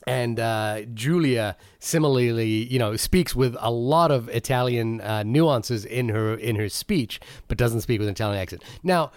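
A man's voice: mid-range voice, normal speed, hardly any pauses, no echo. A man co-hosting a film podcast, talking through his points at length with many restarts and fillers. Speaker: podcast co-host. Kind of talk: casual film discussion.

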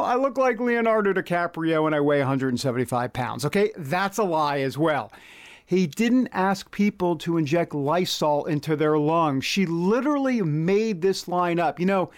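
A man hosting a casual political commentary podcast from a news studio, talking animatedly, with wry asides and pushing up his voice on words he wants to stress. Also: fairly high pitch. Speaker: podcast host.

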